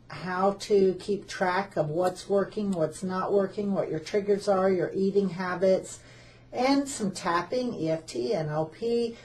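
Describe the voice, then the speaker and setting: A woman's voice: medium pitch, a little mellow. Woman interviewer, friendly, summarizing questions.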